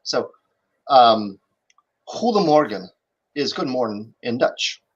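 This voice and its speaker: Man, fairly high voice, very lively pitch, teasing, a bit lo-fi. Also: fairly quick. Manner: playful, teasing. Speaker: podcast co-host. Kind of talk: casual chat.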